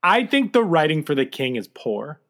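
Man co-host, slightly high voice, measured critic in relaxed chat. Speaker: podcast co-host. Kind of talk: casual chat.

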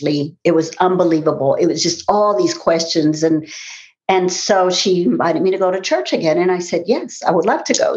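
A woman's voice: fairly low pitch, darkish tone. A woman in her forties telling a personal story in an interview, earnest and rambling, with many fillers and restarts. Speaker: interview guest. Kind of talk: personal testimony in conversation. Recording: dull lo-fi sound.

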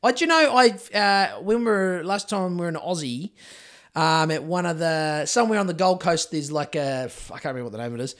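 A man's voice: on the high side, brisk, a bit bright. Rambling, swearing New Zealand man. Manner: profane, rambling storyteller. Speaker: podcast co-host. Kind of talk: casual chat.

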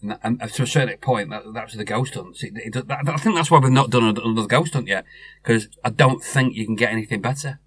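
A man's voice: medium pitch, fast talker, a bit bright, breathy edge, no room sound. A man co-hosting a podcast, chatting casually and jokily with many restarts. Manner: chatty, jokey, stumbling restarts. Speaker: podcast co-host. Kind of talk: casual chat.

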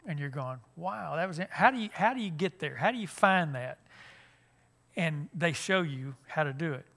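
A man's voice: on the high side, animated, normal speed, vocal fry, fairly bright tone. An older man, giving a folksy, joking talk at a church conference, with frequent restarts. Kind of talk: humorous seminar talk.

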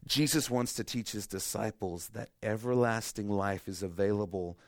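The sermon is delivered by a middle-aged pastor with a lowish voice at a moderate pace, captured in studio quality with no room sound. Weaving in self-deprecating humor, he swings between loud emphasis and hushed stretches.

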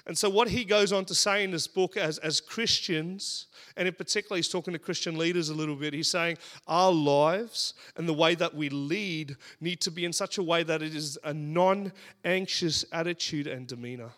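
An Australian man in his thirties preaching a sermon, telling stories in an animated, humorous way. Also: a little high, normal speed.

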